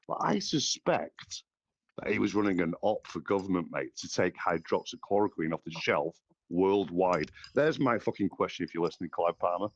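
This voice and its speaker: A man's voice: deep voice, animated, moderate pace, dull audio. A man hosting a casual political podcast chat, blunt and heated, swearing often. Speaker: podcast host.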